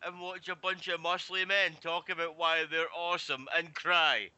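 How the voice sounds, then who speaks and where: A man's voice: fairly high pitch, little pitch movement, normal speed, sharp tone, no echo. A man in casual chat, telling stories and ranting with a lot of swearing. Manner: profane, ranting storyteller.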